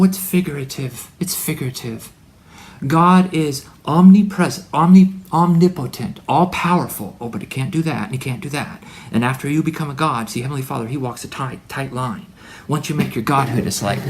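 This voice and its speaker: A man delivering a rambling spiritual monologue to his son. He is preachy and full of wordplay, and he swings from loud declarations to hushed asides. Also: medium pitch, a little hiss or hum. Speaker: religious speaker addressing his son.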